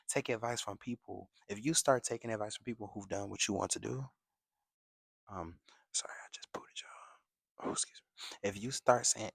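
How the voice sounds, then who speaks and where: Husky and gravelly, this young man's voice sits on the low side as he delivers a casual vlog monologue to the camera, captured as a dry recording. His life advice comes out forceful and slang-heavy, punctuated by a rhetorical "you get what I'm saying".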